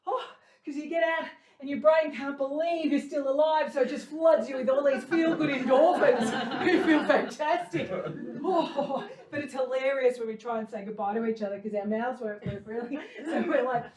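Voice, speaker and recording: A woman's voice: sits high, steady tone, moderate pace, crowd noise. A middle-aged woman performing a chatty, self-deprecating stand-up monologue on a live stage, laughing often at her own jokes. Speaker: stand-up comedian. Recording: roomy, from a distance.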